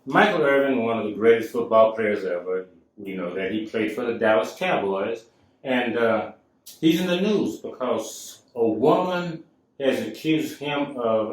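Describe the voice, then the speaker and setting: Guy hosting a talk show, chatty and emphatic, sounds echoey and a bit far off. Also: mid-range voice. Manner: conversational, emphatic storyteller. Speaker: show host. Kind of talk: casual talk-show storytelling. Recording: echoey room, mic at a distance.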